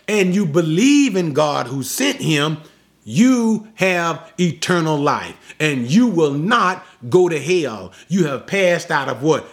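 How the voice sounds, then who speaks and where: Emphatic preacher with lively swooping pitch. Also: male voice, takes it slowly. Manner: emphatic, repeats phrases for stress; rhetorical questions to the congregation. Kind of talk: expository sermon.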